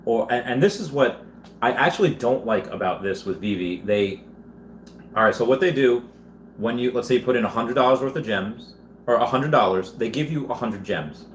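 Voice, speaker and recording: A man's voice: mid-range voice, animated, moderate pace. A man hosting a casual livestream, reading viewer chats aloud and rambling in a chatty way with frequent restarts. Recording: echoey room with faint background noise.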